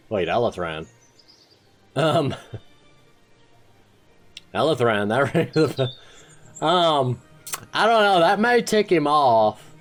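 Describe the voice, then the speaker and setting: A man chats playfully through his game session and talks to the characters as he goes. His pitch moves around a lot, and quiet game music runs underneath. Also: sing-song, extremely slow, long pauses. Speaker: let's play host. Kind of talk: casual game commentary.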